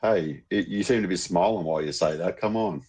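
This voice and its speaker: A man's voice: sits low, brisk, darkish tone, breathy edge. A man calling into a livestream chat, mumbling and stammering as he talks. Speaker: caller. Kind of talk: casual call-in chat.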